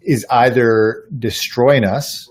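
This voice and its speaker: A man's voice: mid-range voice, steady tone, takes it slowly, darkish tone. A man guest on a podcast interview, talking in an earnest, reflective way and telling stories, often restarting his sentences. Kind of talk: casual conversational interview.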